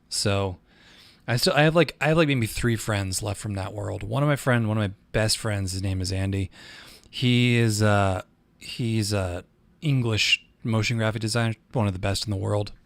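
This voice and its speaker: A man's voice: mid-range voice, no echo. Profane, rambling male streamer. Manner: profane, rambling, easily frustrated. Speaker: streamer and 3D artist. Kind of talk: casual livestream tutorial.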